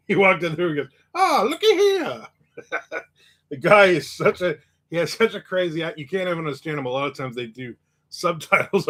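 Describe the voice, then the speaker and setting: A man's voice: medium pitch, a bit bright. Joking male livestream host. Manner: joking, quick asides. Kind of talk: casual livestream chat reading viewer comments.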